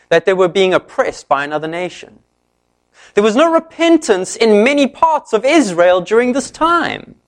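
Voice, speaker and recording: A man preaching a sermon, retelling a story in an animated way and briefly voicing each character's lines. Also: a little high.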